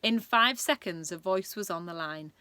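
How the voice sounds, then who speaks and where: A woman reading a children's book aloud with expressive narration. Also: mid-range voice, moderate pace, smooth, dry recording. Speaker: children's storyteller.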